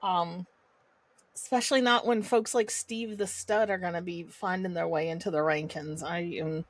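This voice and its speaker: A woman's voice: lowish voice, steady tone, normal speed, dry recording. A woman chatting as a guest, dry and teasing, with sarcastic quips. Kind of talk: casual podcast chat.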